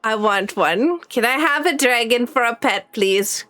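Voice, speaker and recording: High excitable woman streamer. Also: a little slow. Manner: excitable, gasping and exclaiming. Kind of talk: live game commentary.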